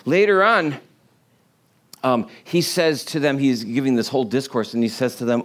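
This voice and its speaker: A man's voice: medium pitch, moderate pace. Conversational man preaching a sermon. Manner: conversational, storytelling with lively acted quotes and soft laughs. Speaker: pastor.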